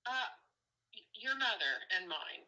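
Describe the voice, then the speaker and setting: A man talks on a phone call, easygoing and quick to agree. His voice is bright and lively, rising and falling a lot. The sound is muffled and dull, as if it comes through a phone speaker. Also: high voice. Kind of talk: casual phone conversation.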